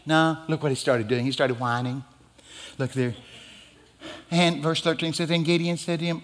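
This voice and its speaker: Animated preacher in a reverberant church. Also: male voice, on the high side, moderate pace, long pauses. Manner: animated preaching, bursts to shouting. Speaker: guest pastor. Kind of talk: sermon. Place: church sanctuary.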